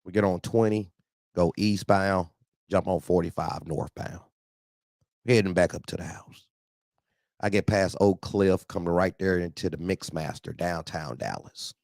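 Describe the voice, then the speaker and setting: Man, gravelly, animated storytelling, cussing, dry close sound. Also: sits low, measured pace, pauses often, no room sound. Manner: profane, animated, acts out other voices. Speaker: truck company owner telling a story. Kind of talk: casual storytelling.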